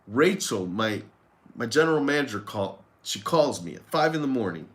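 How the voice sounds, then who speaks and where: A man telling a personal story straight to the camera in a loose, rambling way. His voice sits at an ordinary middle pitch. He is candid and now and then swears. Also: very animated, moderate pace. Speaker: lawn care business owner. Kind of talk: casual storytelling vlog.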